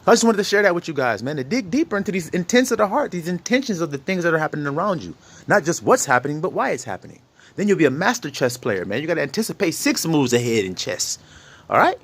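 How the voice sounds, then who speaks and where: A man's voice: on the high side, quick pace, husky. A man from the giving a casual, profane street sermon to his viewers, acting out arguments between partners. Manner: animated, profane, acts out quoted arguments. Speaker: online preacher.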